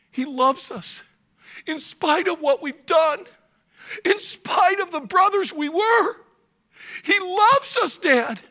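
A preacher playing an urgent, pleading son. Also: male voice, fairly high pitch, bright, forceful tone. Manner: urgent, pleading, building to fervor. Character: repentant grown son bringing urgent news.

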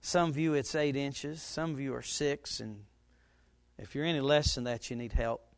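A middle-aged man, a pastor, preaching a sermon and telling a story, his voice now and then jumping up loud. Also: mid-range voice, steady tone, moderate pace. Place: church.

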